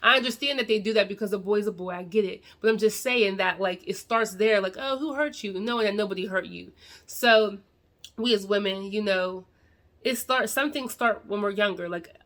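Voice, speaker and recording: A woman's voice: medium pitch, moderate pace, a bit bright. A woman, talking straight to her viewers in an earnest, preachy way about owning your mistakes. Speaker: video creator giving life advice. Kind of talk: casual talk to camera.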